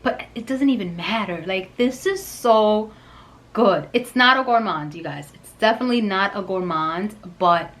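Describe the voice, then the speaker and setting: A woman reviewing perfume in a vlog, gushing and excitable, with soft whispered asides. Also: medium pitch, moderate pace, low-quality recording. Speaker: fragrance reviewer.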